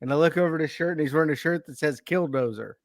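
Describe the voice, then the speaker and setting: A man's voice: on the high side, racing, no echo, clean studio sound. A man co-hosting a podcast, recounting a bizarre story in casual chat, reading bits aloud and laughing often. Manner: laughs often, tells anecdotes with quoted dialogue. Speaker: podcast co-host.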